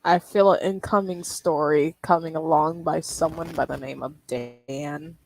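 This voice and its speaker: A woman's voice: sits low, fairly even intonation, unhurried, gravelly, a little mellow, low-quality recording. A young woman streaming while she draws, chatting in a rambling, casual way, swearing and laughing often. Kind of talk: casual livestream chat while drawing.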